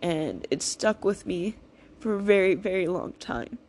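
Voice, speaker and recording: A woman's voice: fairly low pitch, expressive, measured pace, a little mellow, a little hiss or hum. A woman in a raw, emotional personal vlog, talking through tears, reassuring herself and swearing freely. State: crying, emotional. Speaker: vlogger.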